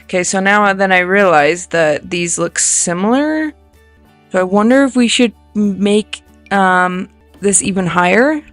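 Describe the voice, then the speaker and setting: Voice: medium pitch, animated, a little slow, a bit bright, dry recording, soft background music. A video creator giving casual, rambling commentary while building in a life-sim game, thinking aloud and poking fun at their own mistakes.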